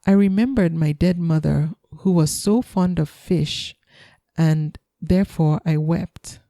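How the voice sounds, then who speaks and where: A gentle, timid young maiden speaks softly in a mellow, dark voice, read by a woman. Her storybook voice is close and dry. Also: low voice, slow pace, dry recording. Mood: shy. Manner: soft and gentle.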